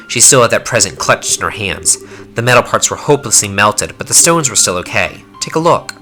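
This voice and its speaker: A rough young male fighter talks in blunt slang, his delivery rising and falling a lot, as a man reads him aloud. The tone is bright and forward, with a faint bed of game music behind. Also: on the high side, voice pushed up. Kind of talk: fan voice-over reading of game dialogue.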